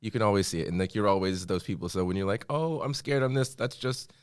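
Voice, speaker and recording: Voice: low voice, lively intonation, fast, smooth. A podcast host in casual chat, answering a guest in a supportive, encouraging way.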